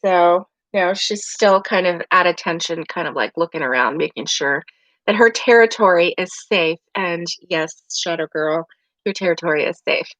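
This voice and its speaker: A woman's voice: fairly low pitch, normal speed, a bit bright, no echo. A woman hosting a casual live stream from her home, chatty and rambling, laughing often. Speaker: livestream host. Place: home bedroom. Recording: dry, dull lo-fi sound.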